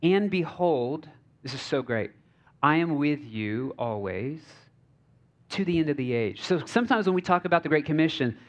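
A man preaching as a pastor in a relaxed, conversational sermon from a church stage. He jokes, uses many fillers and keeps checking in with the crowd. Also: on the high side, moderate pace. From United States.

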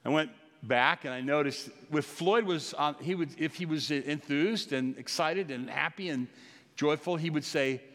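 A middle-aged man preaches in a church, his slightly high voice carrying a long reverb through the hall. He tells homely stories with jokey asides, dropping low and then rising loud and animated. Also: normal speed. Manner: storytelling, jokey asides, animated swings in volume. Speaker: pastor. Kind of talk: sermon. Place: church sanctuary.

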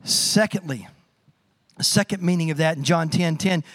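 Speaking at a normal speed in a voice on the high side, a middle-aged pastor preaches with animation and humor, acting out stories with sound effects.

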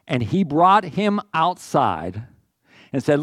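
A pastor giving a sermon in a conversational way, with asides, restarts and questions to the congregation. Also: male voice, on the high side, expressive, normal speed, no echo, clean studio sound.

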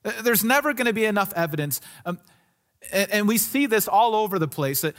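A man's voice: sits high, animated, a little fast, fairly bright tone. A male pastor delivering a sermon in an earnest, conversational way, often restarting his sentences.

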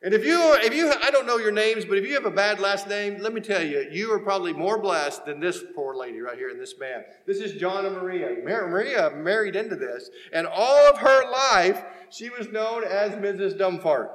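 Man, high voice, lively church comedy talk, echoey hall with long reverb. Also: normal speed, few pauses. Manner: animated storytelling with quoted voices and punchlines. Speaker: guest speaker at a church. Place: large church sanctuary. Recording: echoey hall, faint noise.

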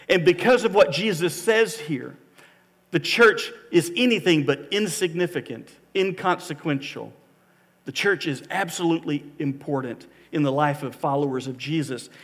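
A man's voice: on the high side, long reverb tail. A man preaching as a church pastor, speaking earnestly and inviting listeners, with emphatic rises when he stresses scripture. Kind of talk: sermon.

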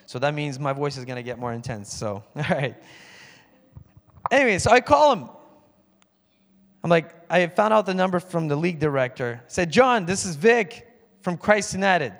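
A man's voice: on the high side, sing-song, normal speed, long pauses, big-room sound. A man telling a personal testimony in a church, acting out phone calls in a raised voice. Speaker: church speaker giving a testimony. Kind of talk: sermon testimony.

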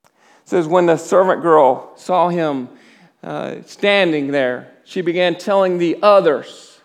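A high-pitched male pastor delivers his sermon at an unhurried, measured pace. He trips over his words, repeating the start of a phrase, then falls to near whispers when the story turns grave. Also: animated. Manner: halting restarts, drops to a hush at solemn moments. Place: church.

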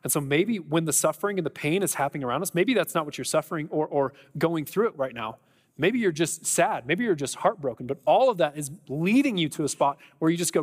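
A man's voice: on the high side, lively intonation, brisk, in a large hall. A man preaching a sermon in a conversational, earnest way, with an American accent and frequent fillers and restarts. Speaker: pastor.

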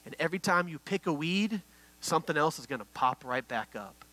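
A middle-aged male pastor preaching an earnest, story-led sermon. His voice sits a little higher than most men's and rings bright and forceful. He often drops to a near hush for the tender parts. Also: animated, a little fast, low-quality recording.

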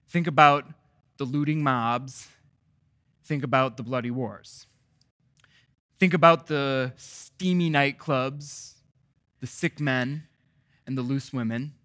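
A man preaching a sermon as pastor, asking repeated rhetorical questions and swinging between loud, emphatic stretches and soft, quiet ones. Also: mid-range voice, no echo, clean studio sound.

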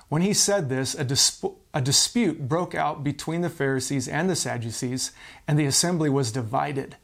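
Man, pastor, fairly high voice, earnest podcast preaching with scripture reading. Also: moderate pace, gravelly.

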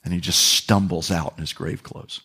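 A man preaching a sermon as pastor, hoarse from a throat problem, talking conversationally with restarts and asides. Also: sits low, flat delivery, moderate pace, bright, forceful tone. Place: church.

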